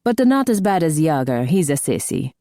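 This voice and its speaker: A woman voicing a soft-spoken male hockey player with a French-Canadian accent. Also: low voice, very animated, brisk, dry recording, clean studio sound.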